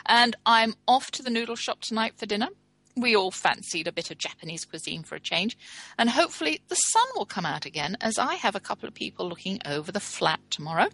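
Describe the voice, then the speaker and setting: A woman's voice: mid-range voice, big pitch swings, brisk, a bit bright, dry recording, rough recording. A middle-aged woman hosting a radio show, chatting in a rambling way with wry asides. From England. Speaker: podcast host.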